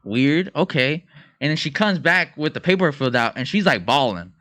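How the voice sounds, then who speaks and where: A man's voice: fairly high pitch, sing-song, fast talker, fairly bright tone. A man co-hosting a podcast, telling a story casually with slang and frequent laughter. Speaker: podcast co-host.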